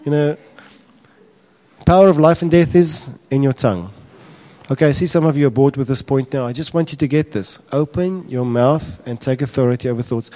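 Male pastor, lively sermon delivery that jumps loud on acted-out quotes. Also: mid-range voice. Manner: animated, acts out quotes with raised voice.

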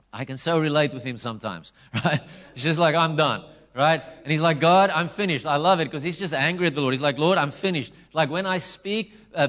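Animated man preaching. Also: on the high side. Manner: conversational, animated preaching with restarts and acted-out quotes. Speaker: pastor. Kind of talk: sermon.

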